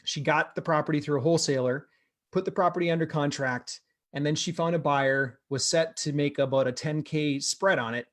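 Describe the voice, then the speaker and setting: A man's voice: on the high side, brisk. A man hosting an investing group, telling a member's success story with energy and repeating words for emphasis. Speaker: host of a real estate investing group. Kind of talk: motivational storytelling to camera.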